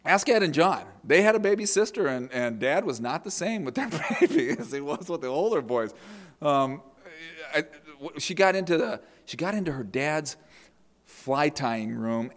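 A middle-aged man preaching a sermon, telling family stories and often repeating words as he restarts a thought. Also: on the high side. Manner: storytelling with acted quotes, repeated words. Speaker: pastor.

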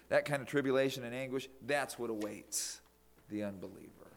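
A man preaching a sermon, emphatic, swinging from loud declarations to near whispers. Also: medium pitch, moderate pace.

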